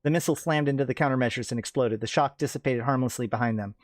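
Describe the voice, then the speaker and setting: A man narrating science-fiction fiction aloud in a steady reading voice, now and then correcting slips. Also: mid-range voice, racing, no echo, studio quality.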